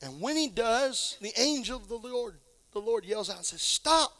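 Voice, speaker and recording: A man preaching a sermon as pastor, dropping to a low hush and then building up to shouted exclamations. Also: animated, moderate pace, no echo. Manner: drops to a low hush for emphasis.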